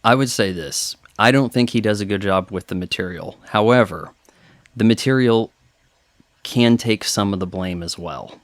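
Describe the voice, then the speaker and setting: A man's voice: fairly low pitch, normal speed, no echo. A man chatting casually through a film commentary, opinionated and thinking aloud with fillers. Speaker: commentary host.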